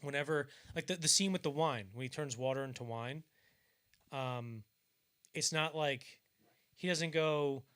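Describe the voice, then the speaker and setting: A man's voice: on the high side, unhurried, fairly bright tone, clear, resonant tone. A young man co-hosting a podcast, chatting casually about films, rambling with lots of fillers and acting out scenes in mock voices. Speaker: podcast co-host. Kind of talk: casual film discussion.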